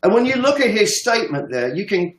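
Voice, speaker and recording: A man's voice: sits high, very animated, a little fast, roomy sound, poor audio. A man in his fifties giving heated, emphatic political commentary, sometimes swearing and laughing scornfully. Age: 50s. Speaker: guest commentator.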